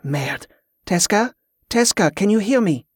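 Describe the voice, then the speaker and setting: A woman's voice: mid-range voice, animated, measured pace, slightly rough, no room sound, studio quality, pitched above the performer's own voice. A reader voicing a concerned young woman nursing her feverish husband, raising the voice for her. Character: caring young woman tending a sick husband.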